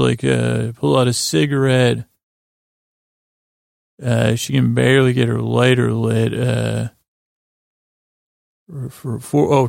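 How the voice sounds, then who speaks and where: Very gravelly, flat-voiced rambling man. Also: medium pitch, no room sound. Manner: halting, full of uh and restarts, dry asides. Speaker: podcast host retelling a TV episode as a bedtime story. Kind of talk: rambling bedtime recap.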